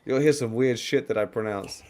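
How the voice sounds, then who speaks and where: A man's voice: mid-range voice, a little fast, darkish tone. Chatty man telling stories, swearing freely. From Australia or New Zealand. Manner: swears freely, acts out quoted voices. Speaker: podcast panelist. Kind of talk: casual podcast chat.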